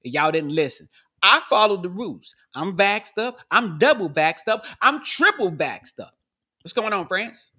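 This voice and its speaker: A man hosting a podcast in a loose comedic monologue. He jumps from high yelps to low mutters and throws in goofy sound effects. His voice is bright and forceful, and his pitch swings widely. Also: very animated, unhurried. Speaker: podcast host.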